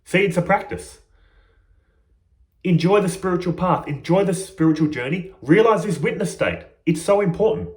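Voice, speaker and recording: Guy giving a chill spiritual talk, kinda high voice, roomy echo. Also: expressive, moderate pace, darkish tone. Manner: earnest, conversational, addresses viewers as guys. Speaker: spiritual teacher. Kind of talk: informal spiritual teaching.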